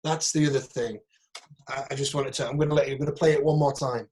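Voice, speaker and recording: A man's voice: medium pitch, steady tone, fast, darkish tone. A man with a Northeast English accent, an acting agent, giving a frank, chatty online workshop over a video call and picking apart audition clips.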